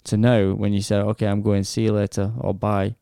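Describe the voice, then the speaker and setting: A man's voice: fairly low pitch, monotone, a little fast, dark tone, clear, resonant tone, no room sound, studio quality. A man in his thirties with a Northern English accent, co-hosting a podcast and telling rambling, sweary anecdotes in casual chat. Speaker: podcast co-host.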